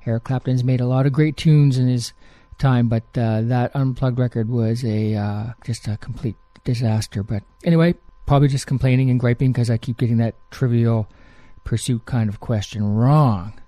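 A man's voice: mid-range voice, fairly even intonation, moderate pace, warm tone, no room sound. A man hosting a music radio show, chatting casually between songs in a rambling way with frequent fillers.

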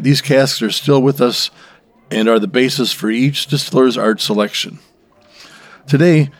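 A man co-hosting a drinks show, reading out a brand's history in a steady manner. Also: mid-range voice, dry recording. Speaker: co-host presenting background. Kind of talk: read-aloud background segment.

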